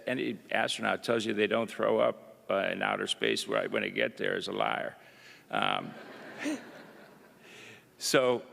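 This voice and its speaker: In a university event hall with long reverb, a middle-aged government undersecretary gives a folksy public speech. His voice is fairly low, gravelly and sharp, and he tells chatty anecdotes peppered with "you know" and "uh."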